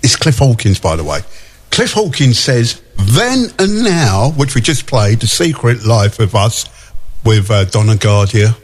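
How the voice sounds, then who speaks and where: A man's voice: fairly low pitch, animated, moderate pace. A male radio host chatting and reading out listener messages in a jokey way, laughing often.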